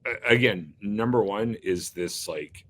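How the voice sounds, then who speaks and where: A man with a fairly low voice is interviewed as an agency leader in a casual conversation. He talks earnestly, a little slowly, with a bit of brightness and many fillers and restarts.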